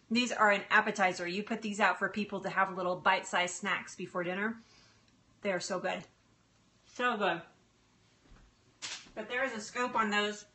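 A woman's voice: medium pitch, fairly even intonation, normal speed, pauses often, sharp tone. A middle-aged woman hosting a casual live stream from her home kitchen, chatty and apologetic, laughing often and stalling with fillers. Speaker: livestream cooking host and health coach. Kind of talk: casual live-stream chat while cooking.

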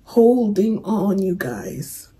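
A young woman casually talking through her reaction to a movie, emotional and soft-spoken, fond with her viewers. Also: mid-range voice, animated, very slow, husky, rough recording.

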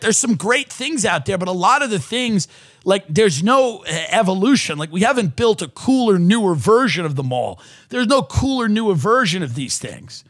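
High, lively sardonic ranting man. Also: dry recording, studio quality. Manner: sardonic ranting, mocking voices. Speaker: podcast host. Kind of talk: comedic monologue.

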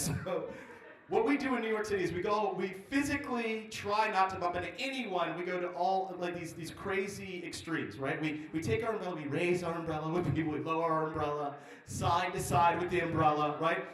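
A man in his forties doing live stand-up, teasing the audience and riffing with wry, sudden loud outbursts. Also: fairly high pitch, far from the mic. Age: 40s. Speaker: stand-up comedian. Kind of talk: live stand-up with crowd work. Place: lodge performance room. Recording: echoey room recorded from afar.

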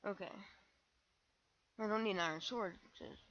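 A young woman commenting on her own gameplay, excitable and self-mocking, breaking into shrieks when panicked. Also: medium pitch, moderate pace, muffled recording. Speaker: gaming channel host.

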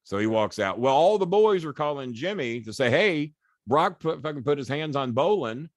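A man's voice: on the high side, very animated, normal speed, dry recording. An older man, a podcast guest, animatedly retelling a story in casual chat, swearing freely and acting out the quoted voices.

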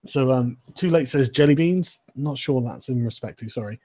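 A man's voice: medium pitch, normal speed, warm tone, dry recording. A man hosting a casual livestream chat, joking loosely, laughing and swearing. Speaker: host.

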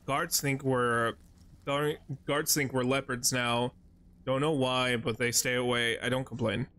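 A man's voice: mid-range voice, fairly even intonation, measured pace, pushed and bright. Man talking himself through a video game. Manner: talks to himself, exasperated outbursts. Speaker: streamer. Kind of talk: casual gameplay commentary.

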